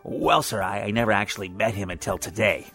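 A man voicing a nervous, stammering male Ferengi ensign in a high, squeaky voice. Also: steady tone, brisk, fairly bright tone, soft background music. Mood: uncertain.

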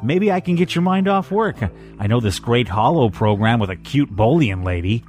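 A man's voice: mid-range voice, expressive, moderate pace, a little mellow, soft background music, close to an everyday voice. A man doing a breezy starship bartender. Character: friendly male starship crewman, bartender.

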